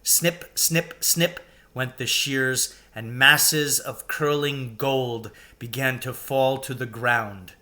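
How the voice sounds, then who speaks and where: A man, a teacher, reading a children's novel aloud with slow, deliberate storytelling. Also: mid-range voice, steady tone, bright, forceful tone.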